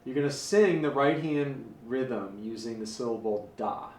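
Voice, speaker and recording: A man teaching jazz piano in a relaxed, casual way, counting beats aloud and scatting rhythms. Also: mid-range voice, a little slow. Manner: easygoing, counts beats aloud and scat-sings syllables. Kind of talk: casual spoken instruction. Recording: roomy, distant mic, faint hiss.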